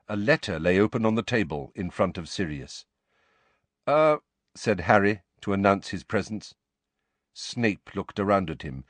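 Expressive man narrating an audiobook. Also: sits low, dry recording. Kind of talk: scripted narration.

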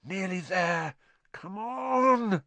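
A man's voice: extremely high pitch, lively intonation, drawn-out words, vocal fry, fairly bright tone, dry recording, voice pushed up, heavily acted. A man voicing a panicky young teenage boy wizard who cries out in alarm. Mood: coaxing.

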